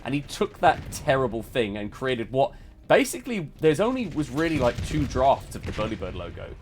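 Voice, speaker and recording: A British man hosting a live gaming stream, chatty and excitable, laughing often. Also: medium pitch, fairly quick. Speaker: stream host. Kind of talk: casual chat while gaming.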